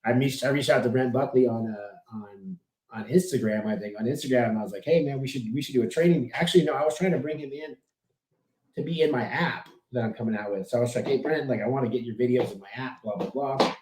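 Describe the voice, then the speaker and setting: Brash, fast-talking man, profane and boastful. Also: mid-range voice, darkish tone. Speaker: podcast guest, business owner. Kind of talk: casual podcast chat. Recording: echoey room with noise.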